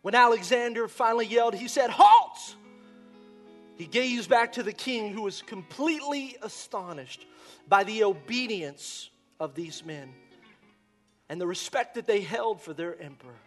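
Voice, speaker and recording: An impassioned male pastor preaches a sermon in a fairly high voice. He swings from loud shouts down to near-whispers, with soft guitar music under him. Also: normal speed.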